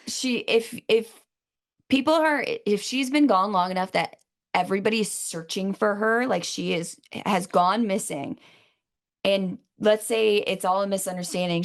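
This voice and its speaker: A woman guesting on a podcast, reacting bluntly and sarcastically in casual chat, sometimes swearing. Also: mid-range voice. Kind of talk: casual true-crime chat.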